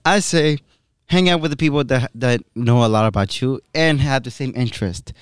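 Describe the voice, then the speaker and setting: Smooth-voiced rambling teenage boy. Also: mid-range voice, normal speed, no room sound, studio quality. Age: teens. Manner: rambling, lots of restarts. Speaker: club vice president. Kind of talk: casual chat.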